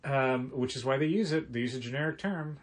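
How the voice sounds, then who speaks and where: A man co-hosting a relaxed podcast about his comic shop, talking in an easy, chatty way. He tells his stories with animation and slips into the voices of the people he quotes. His voice sits at a middle pitch. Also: a little fast. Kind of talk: casual podcast chat.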